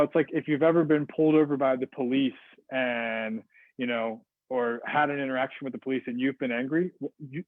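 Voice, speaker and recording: A man's voice: mid-range voice, dry recording. A man giving a customer service talk over a video call, casual and rambling with fillers and restarts. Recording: dry, phone-like video call audio.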